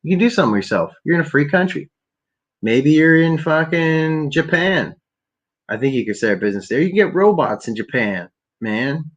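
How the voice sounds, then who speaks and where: A man's voice: medium pitch, sing-song, fast talker, husky, highs cut off. Rambling, profane stoned man. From Canada. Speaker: podcast host. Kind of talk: rambling late-night solo stream. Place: home at night, keeping quiet for neighbors. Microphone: laptop.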